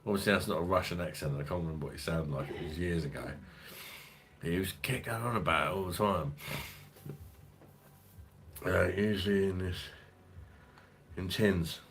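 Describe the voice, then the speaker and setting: A man's voice: low voice, moderate pace, pauses often, a bit bright, slight background noise. A man with a London accent, hosting a casual livestream, joking crudely, swearing freely and rambling as he reads viewer comments. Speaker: host of a beer review livestream.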